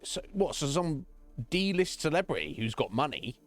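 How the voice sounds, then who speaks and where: A man streaming a game, chatting casually in a rambling, halting way and often laughing. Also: fairly high pitch, big pitch swings, faint music behind.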